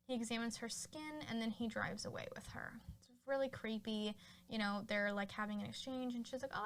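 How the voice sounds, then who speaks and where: A woman hosting a podcast, casually retelling a film's plot with lots of fillers. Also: a little high. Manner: chatty, full of fillers like "like" and "you know". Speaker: podcast host. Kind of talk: casual film recap.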